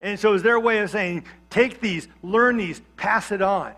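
A man's voice: high-pitched, moderate pace, a bit bright, faint music behind. A man, a pastor from Georgia, preaching a sermon in a conversational way with humorous asides. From Georgia, USA.

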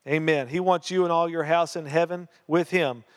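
Pastor, male, earnest storytelling sermon, slightly high voice, long reverb of a church hall. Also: steady tone, moderate pace. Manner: storytelling, earnest, repeats key phrases.

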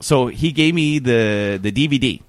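A man's voice: medium pitch, moderate pace, dry recording. A man telling a long rambling anecdote in casual chat, full of fillers and quoted dialogue. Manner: rambling, animated, many fillers. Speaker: guest telling a story. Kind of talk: casual storytelling.

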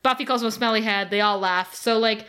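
Woman, podcast co-host, casual recap, giggly retelling, bright tone. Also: on the high side, quick pace. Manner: animated retelling with laughs and acted quotes.

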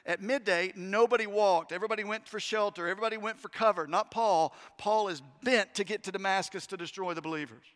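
High, bright-voiced preaching man. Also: quick pace, hardly any pauses. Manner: emphatic, swings between loud urgency and hushed intensity; conversational asides to the congregation. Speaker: pastor. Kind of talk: sermon. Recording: long hall reverb.

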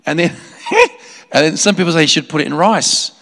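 A man preaching a sermon, telling a story in an animated way with laughing asides and many restarts. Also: on the high side, a little fast. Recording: long hall reverb.

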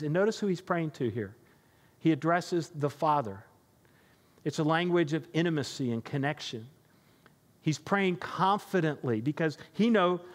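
A pastor giving a sermon in an emphatic, conversational preaching manner. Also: male voice, on the high side, big-room sound.

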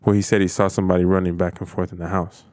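Low-voiced man telling ghost stories, dry sound. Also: flat delivery, rapid-fire, darkish tone, dry recording. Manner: profane, rambling storyteller. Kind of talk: casual chat.

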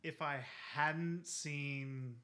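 A woman's voice: deep voice, steady tone, extremely slow, a bit bright. A woman co-hosting a podcast, chiming in casually. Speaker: podcast co-host. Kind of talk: casual chat.

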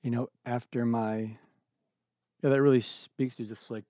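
A man's voice: mid-range voice, fairly even intonation, mellow, no echo, clean studio sound. Earnest, reflective middle-aged man. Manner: earnest, reflective, halting with many restarts. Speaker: interview guest. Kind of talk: candid personal conversation.

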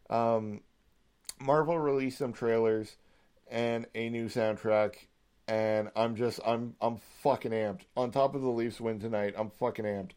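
A young man hosting a casual solo podcast, rambling excitedly like a hyped fan and swearing freely. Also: mid-range voice, smooth. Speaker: podcast host.

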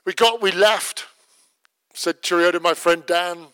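A man preaching a sermon, telling a story in a lively way and slowing to a soft voice when he prays. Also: high voice, smooth, no room sound. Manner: lively storyteller who drops to a soft, slow voice for prayer.

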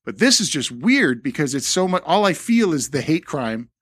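A man's voice: a little high, sing-song, moderate pace, fairly bright tone, no echo, studio quality. A man co-hosting a podcast, chatting casually about music in a rambling, profane way, full of fillers and restarts. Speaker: podcast co-host.

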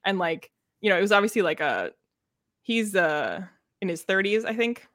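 A young woman with a bright, clear voice chats about a book series, laughing often and leaning on fillers. She sits close to the mic in a dry, dead room with no echo. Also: mid-range voice, big pitch swings, moderate pace. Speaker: podcast co-host. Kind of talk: casual book discussion chat.

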